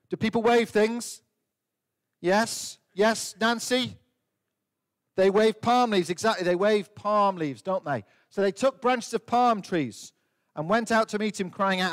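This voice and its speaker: A light, high-voiced man giving a children's talk in church. He keeps it playful, firing questions at the young ones and teasing out their answers. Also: measured pace. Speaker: priest leading a family service.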